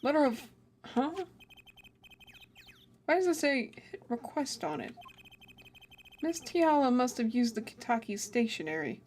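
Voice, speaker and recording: Grumpy cop, read by a woman, impatient, slow. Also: on the high side, sing-song, a little mellow, slight background noise.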